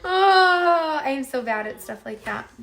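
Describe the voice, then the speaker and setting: Bright high-voiced woman chatting with viewers. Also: vocal fry, a little hiss or hum. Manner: chatty, upbeat, addresses viewers as "you guys". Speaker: cooking livestream host. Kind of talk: casual live chat reading viewer comments.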